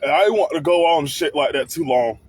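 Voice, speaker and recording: A man hosting a crude, profane comedic rant, often breaking into shouting. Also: fairly high pitch, fairly quick, slight background noise. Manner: crude, swearing, bursts into shouting.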